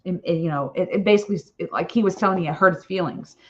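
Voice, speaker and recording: A woman's voice: fairly low pitch, very fast, muffled recording. A woman author hosting a casual live stream, chatting in a rambling way with frequent "okay?" tags and little laughs.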